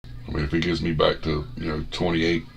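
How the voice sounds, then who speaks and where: Deep laid-back Southern man. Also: completely flat delivery, brisk, creaky, a little hiss or hum. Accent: Southern American. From Southern United States. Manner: laid-back, folksy storytelling. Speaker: co-host trader. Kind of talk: casual livestream chat.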